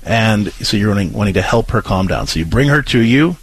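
A man with a low-set, very husky voice talks through parenting advice on a chat show. He is earnest and restarts often, now and then acting out the gentle words a parent might say to a child. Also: expressive, brisk. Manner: earnest, many restarts, acts out comforting lines to a child. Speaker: co-host giving parenting advice.

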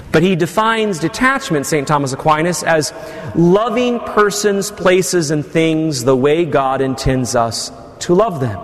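A man's voice: a little high, lively intonation, moderate pace. A male priest giving a sermon to his congregation, with teasing asides. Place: church. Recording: long church reverb.

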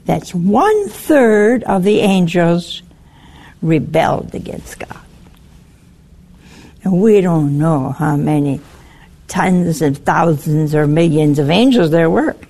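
Slow, emphatic woman preaching a sermon. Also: fairly low pitch, big pitch swings, mellow.

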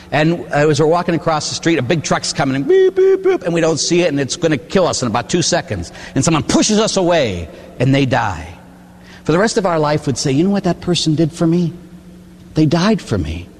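An older man, a priest, preaching a sermon with animated storytelling, acting out the people he talks about. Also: medium pitch, slight background noise. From Pittsburgh area, USA. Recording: long hall reverb.

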